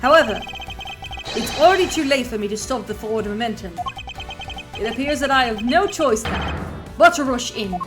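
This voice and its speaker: A woman voicing a formal, haughty male prosecutor in measured, declaiming speech, with game music behind. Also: a little high, expressive, natural voice. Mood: formal deliberate.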